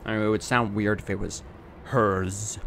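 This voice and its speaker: A man's voice: fairly low pitch, level tone, fast talker, a bit bright, a little hiss or hum. A man hosting a let's play video, reading game text aloud with casual, jokey asides. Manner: casual, jokey asides between read lines. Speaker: gaming video host.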